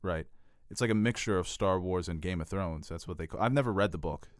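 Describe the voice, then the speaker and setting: A man's voice: low voice, brisk, dry recording, studio quality. A young man co-hosting a podcast, chatting casually with wisecracking, opinionated remarks. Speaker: podcast co-host. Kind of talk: casual chat.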